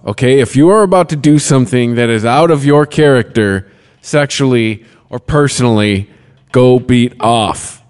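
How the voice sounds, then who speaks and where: A man's voice: medium pitch, moderate pace, a little mellow, smooth, big-room sound. A man giving crude, mock-preachy advice in casual podcast chat. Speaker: podcast co-host.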